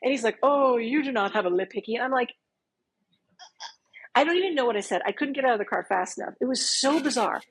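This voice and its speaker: A woman in her fifties, a podcast guest telling a dating story in a casual, animated way and acting out what she said back then. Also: on the high side, fast, breathy edge, poor audio. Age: 50s. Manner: animated, acts out her own past lines.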